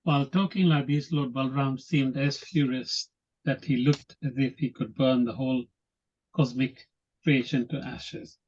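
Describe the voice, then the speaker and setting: A man with a husky voice reads scripture to his study group in a steady, even way. His pitch sits in the middle, and the audio is dull and lo-fi. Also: a little slow. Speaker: reader in a scripture class. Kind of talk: reading scripture aloud.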